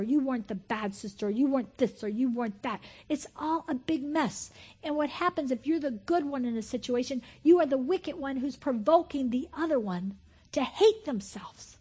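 Husky-voiced woman preaching a passionate sermon. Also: high-pitched, normal speed. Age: 50s. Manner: swings from loud excited exclamation to hushed whispering, laughs often.

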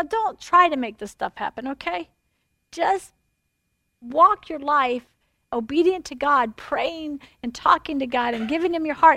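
Woman pastor, middle-aged, sermon testimony, higher voice, dry close sound. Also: no echo. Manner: animated storytelling with fillers.

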